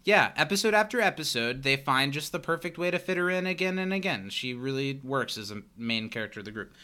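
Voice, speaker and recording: A man's voice: mid-range voice, expressive, a little fast, sharp tone. A man co-hosting a podcast, chatting casually about a TV episode and laughing easily. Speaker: podcast co-host.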